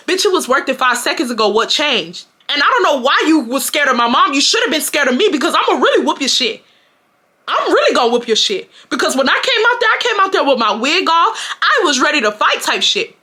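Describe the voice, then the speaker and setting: A woman, telling a storytime vlog in an animated, profane way and acting out the shouting. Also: a little high. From Houston, Texas. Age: 20s. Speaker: storytime vlogger. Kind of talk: casual storytelling.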